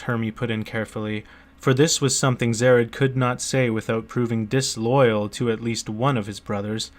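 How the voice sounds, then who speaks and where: A man narrating a fantasy audiobook in a steady, unhurried reading voice. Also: medium pitch. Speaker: audiobook reader.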